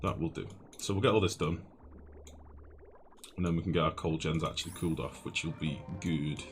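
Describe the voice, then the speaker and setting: Low-voiced streamer over game music. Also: male voice, fairly quick. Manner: chatty, flustered, self-mocking, greets chat viewers. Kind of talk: live-streamed gameplay commentary. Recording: music playing clearly behind voice.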